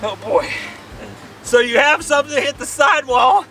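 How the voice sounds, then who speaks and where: A man hosting a casual outdoor vlog, with a joking, folksy, excitable way of talking. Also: extremely high pitch, moderate pace, recorded from a distance. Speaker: RV vlog host. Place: outdoors by a vehicle.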